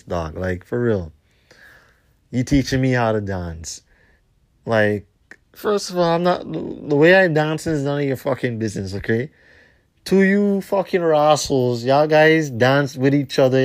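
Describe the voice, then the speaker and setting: Worked up and cursing, a podcast host rambles through a story, circling back on himself as each line fades off low.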